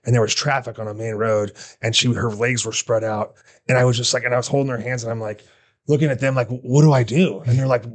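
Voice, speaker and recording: A man's voice: mid-range voice, fast talker. A man, a former police officer, co-hosting a podcast and telling a story in casual chat, acting out his own startled reactions.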